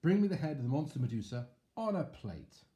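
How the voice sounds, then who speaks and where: A man voicing a smug, cruel king in a storybook, loud and gloating. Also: mid-range voice, sing-song, a little fast, pitched above the performer's own voice, lightly acted.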